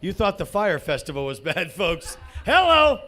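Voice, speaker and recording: A man hosting a comedy show, swearing and shouting in a rant, then rambling with fillers and restarts. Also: on the high side, normal speed, soft background music. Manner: profane, shouting rants at a heckler.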